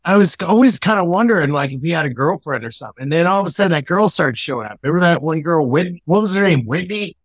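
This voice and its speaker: A comedian in casual conversation, reminiscing about the old days and wondering aloud. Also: male voice, fairly high pitch, expressive, quick pace, hardly any pauses, dry recording. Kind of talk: casual chat.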